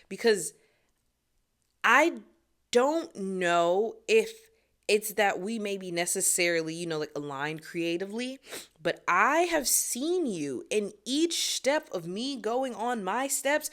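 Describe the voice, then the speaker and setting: Lively young woman vlogger, phone-recorded, chatty and reflective, laughs a lot. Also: mid-range voice, measured pace. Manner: animated, laughs often, talks to viewers directly. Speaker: singer and vlogger. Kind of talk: casual reflective vlog to camera.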